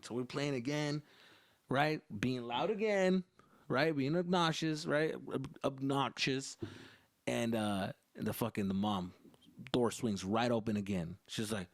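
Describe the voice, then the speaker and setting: A young man hosting a podcast, telling a comedic story in a profane, animated, loose way. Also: mid-range voice, moderate pace, no room sound, studio quality. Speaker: podcast host.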